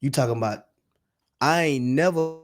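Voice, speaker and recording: Quick-questioning man hosting a chat. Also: mid-range voice. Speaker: host asking questions. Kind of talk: casual interview chat.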